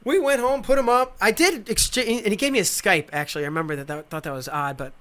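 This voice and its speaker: Bright, high-voiced man telling stories. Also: quick pace. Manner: animated, acts out other voices. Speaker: guest. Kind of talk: casual storytelling chat.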